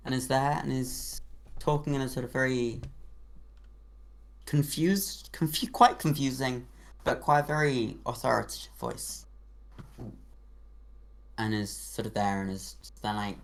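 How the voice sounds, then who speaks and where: Game master narrating, gravelly voice, loose rambling delivery. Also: medium pitch, a little slow, long pauses.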